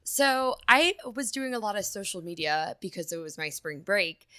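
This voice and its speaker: Woman in her 30s, co-host, bright and crisp, dry close sound, chatty. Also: medium pitch, animated, normal speed, dry recording. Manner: chatty, lots of "like". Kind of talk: casual podcast chat.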